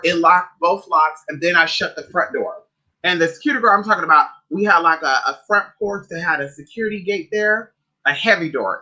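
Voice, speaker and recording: A man from California tells his livestream audience a story, swearing freely and calling listeners "honey" and "y'all". His voice sits high and rings sharp and bright. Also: rough recording. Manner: profane, dramatic, calls listeners "honey" and "y'all". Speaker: spiritual livestream host. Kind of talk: casual storytelling to a live chat.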